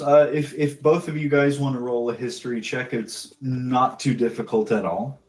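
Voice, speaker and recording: A man narrating as dungeon master in a tabletop game, with a relaxed, descriptive manner and frequent fillers. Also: medium pitch, normal speed, hardly any pauses, faint music behind.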